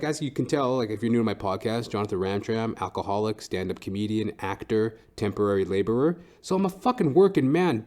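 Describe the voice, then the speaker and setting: With a fairly low, slightly mellow voice, a young podcast host and stand-up comic delivers a casual comedic rant that wanders, swears constantly, and stumbles through fillers and restarts.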